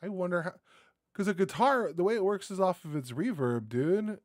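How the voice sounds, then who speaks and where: Excitable guy, rambling reaction talk. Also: high-pitched, moderate pace, no echo, studio quality. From United States. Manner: excitable, rambling, swears freely, says dude and bro. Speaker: reaction video host. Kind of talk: casual reaction commentary.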